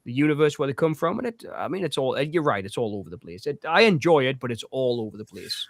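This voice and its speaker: A man's voice: mid-range voice, sing-song, quick pace, dry recording, studio quality. A man co-hosting a casual film chat, talking enthusiastically and rambling with frequent laughter. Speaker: co-host.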